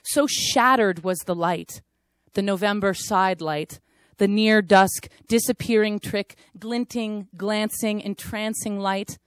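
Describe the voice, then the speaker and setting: A woman performing her own spoken word poem, telling it in a hushed, intense way that swells at times. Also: medium pitch, slow pace, clear, resonant tone, dry recording. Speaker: poet. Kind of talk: spoken word poetry reading.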